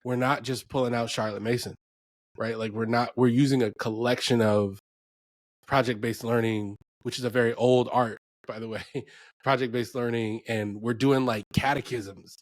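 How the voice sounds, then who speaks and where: A man's voice: medium pitch, moderate pace, no room sound. A man in his thirties, an educator and homeschooling parent, telling stories in a loose podcast chat, full of fillers and laughter. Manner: animated storyteller, lots of fillers and laughs. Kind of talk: casual podcast conversation.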